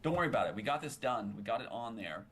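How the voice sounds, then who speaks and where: A man's voice: medium pitch, animated, quick pace, fairly bright tone, a little hiss or hum. A man in casual chat on a played-back clip, rambling with fillers and repeated phrases.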